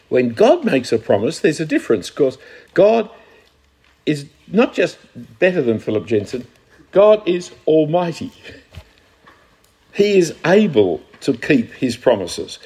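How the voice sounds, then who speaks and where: A man's voice: a little high, warm tone, breathy edge. A man preaching a conversational sermon, teaching from scripture and asking his listeners questions.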